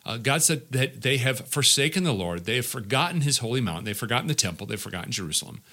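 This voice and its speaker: Bright-voiced man teaching a Bible passage. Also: mid-range voice, sing-song, fast talker. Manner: explains verse by verse, repeats words. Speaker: pastor.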